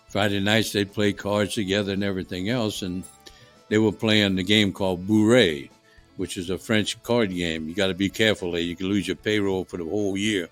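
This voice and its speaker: A man's voice: on the low side, fairly bright tone. A man with a New Orleans accent, a guest telling folksy, rambling stories at home. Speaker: guest, HVAC contractor. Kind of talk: casual storytelling. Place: home dining room.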